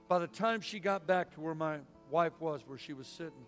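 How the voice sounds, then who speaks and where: A man's voice: on the high side, moderate pace, hardly any pauses, soft background music. A middle-aged man preaching a sermon in a church, folksy and storytelling, with punchy emphatic lines. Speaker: guest preacher. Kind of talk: sermon with altar call. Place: church sanctuary.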